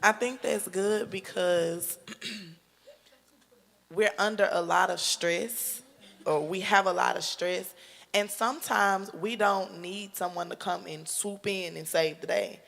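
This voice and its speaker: A woman's voice: mid-range voice, slow pace, vocal fry, fairly bright tone, in a large hall. A woman on a panel speaking earnestly and emphatically in casual chat. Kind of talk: casual chat turning to exhortation.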